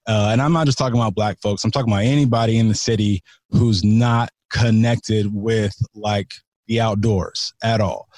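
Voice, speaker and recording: A man's voice: fairly low pitch, steady tone, moderate pace, a little mellow, dry recording. A man from California, a podcast guest, talking in a loose, slangy way, swearing freely and restarting his sentences. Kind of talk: casual chat.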